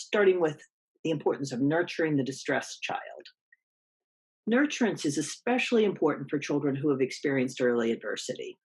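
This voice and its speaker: A woman presenting an academic lecture, measured and explanatory, with frequent ums and small restarts. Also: low voice, breathy edge. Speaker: guest lecturer.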